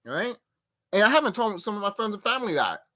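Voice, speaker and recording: A man hosting his own video channel, reacting to a clip with an animated, profane, emphatic rant. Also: high-pitched, fast talker. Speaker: channel host.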